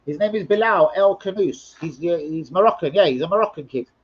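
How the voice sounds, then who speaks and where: A man's voice: high-pitched, a little fast, breathy edge, muffled recording. A man hosting a casual football live stream, rambling, swearing freely and bantering with viewers as he reads comments.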